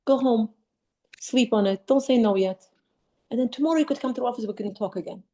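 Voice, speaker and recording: A woman voicing a school principal gently urging a boy to forgive. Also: on the high side, brisk, lightly acted. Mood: coaxing. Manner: earnest, coaxing.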